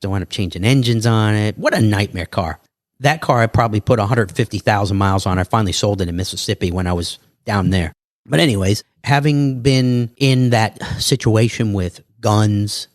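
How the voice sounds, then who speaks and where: A man telling stories as a podcast guest in an animated, casual way, acting out other people's lines. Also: lowish voice, moderate pace, no room sound, studio quality. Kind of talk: casual interview storytelling.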